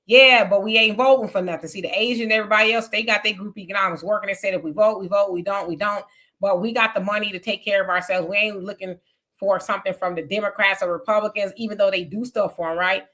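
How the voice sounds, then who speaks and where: Bright-voiced woman hosting casual live chat. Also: mid-range voice, steady tone, fast talker. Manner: candid, conversational, reads comments aloud with asides. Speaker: live show host. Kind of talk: casual live-stream chat reading viewer comments.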